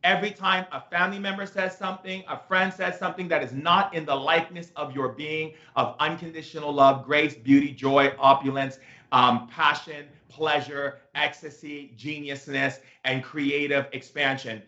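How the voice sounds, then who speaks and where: A man's voice: fairly high pitch, steady tone, moderate pace, sharp tone. A man teaching a spiritual self-help talk, emphatic and repetitive with playful asides. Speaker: shaman teacher. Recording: echoey room, dull lo-fi sound.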